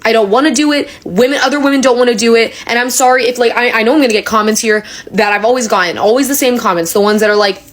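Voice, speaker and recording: Young woman, kinda high voice, angry straight-to-camera rant, swears a lot. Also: quick pace, few pauses. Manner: fiery and emphatic, swears freely. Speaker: social media creator.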